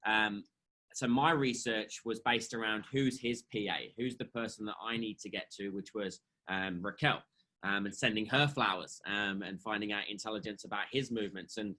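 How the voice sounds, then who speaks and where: Bright-voiced British man hosting. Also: on the low side, steady tone, normal speed. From Britain. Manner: eager, chatty, with stammered restarts. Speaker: podcast host, sales coach. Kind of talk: casual conversational interview.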